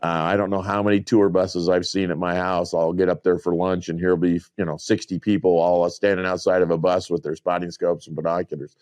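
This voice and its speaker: A man with a very low voice tells rambling stories in a relaxed podcast chat. He often quotes other people and lets out small chuckles. The sound is dry and close. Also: brisk, hardly any pauses, dry recording. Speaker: podcast co-host, rancher.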